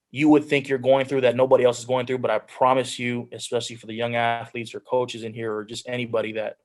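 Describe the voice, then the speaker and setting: Earnest young man on a video call. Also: medium pitch. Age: young adult. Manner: earnest, heartfelt, with frequent restarts and "like". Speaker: guest speaker, pro football player. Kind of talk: personal storytelling on a group call.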